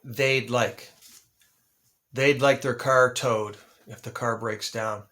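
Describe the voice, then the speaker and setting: A man hosting an English lesson, slowly repeating example phrases and spelling words out. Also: mid-range voice, steady tone, bright, forceful tone. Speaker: ESL teacher and channel host. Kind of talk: slow, deliberate English lesson.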